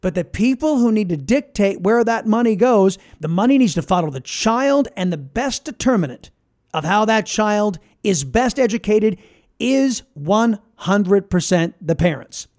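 High-pitched guy hosting a talk podcast, leans hard on his points. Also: animated, darkish tone. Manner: emphatic, slows down to stress points. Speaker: podcast host. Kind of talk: conservative political talk.

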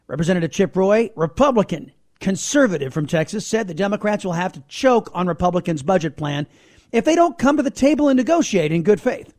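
Combative high-pitched male talk host. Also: very animated, a little fast, a little mellow. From United States. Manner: combative, sarcastic, emphatic. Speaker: podcast host. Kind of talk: opinionated political talk.

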